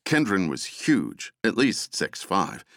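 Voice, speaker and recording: Deep, lively male audiobook narrator. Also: slow pace, gravelly, no room sound, studio quality. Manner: dramatic, expressive storytelling. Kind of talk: scripted narration.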